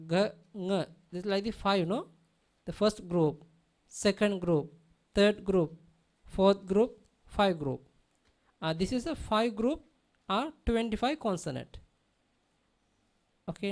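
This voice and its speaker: A woman's voice: medium pitch, darkish tone. A woman teaching a language class, drilling pronunciation by repeating words and often checking that her students understand. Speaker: Pali teacher.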